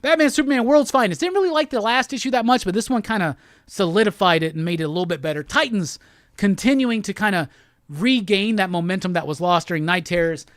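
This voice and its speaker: A man's voice: high voice, expressive, fast, fairly bright tone, no echo, studio quality. A man hosting a comic book show, giving a heated, profane review in a rant-style talk. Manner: heated, profane, repetitive ranting.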